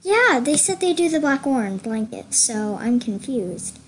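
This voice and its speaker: Excitable high-voiced young woman gamer. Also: a little slow, a little hiss or hum. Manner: excitable, chatty, gushing. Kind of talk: casual gameplay commentary.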